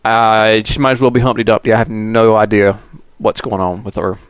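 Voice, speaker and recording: A man playing a tabletop roleplaying game, halting and correcting himself as he speaks, and laughing easily. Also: on the low side, little pitch movement, smooth, dry recording. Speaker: player. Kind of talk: tabletop game play, in and out of character.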